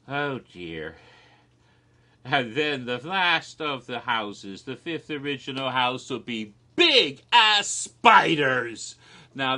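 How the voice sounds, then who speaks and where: A man delivers a rambling comedic monologue with deadpan humor, stumbling over his words now and then. He talks slowly, and his voice is bright and edged with tension. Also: medium pitch. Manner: rambling, absurd deadpan humor with frequent restarts. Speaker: video creator. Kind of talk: comedic monologue of made-up haunted houses.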